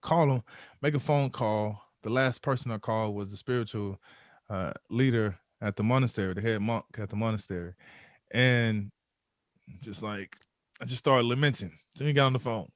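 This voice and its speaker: A man, a podcast guest, telling a candid personal story in an animated way and acting out his own thoughts. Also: fairly low pitch, moderate pace, dry recording, clean studio sound.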